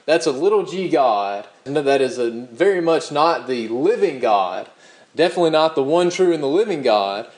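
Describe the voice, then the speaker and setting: A man preaching a sermon, reading scripture slowly and emphatically and explaining it. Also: fairly high pitch, a little mellow. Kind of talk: sermon teaching.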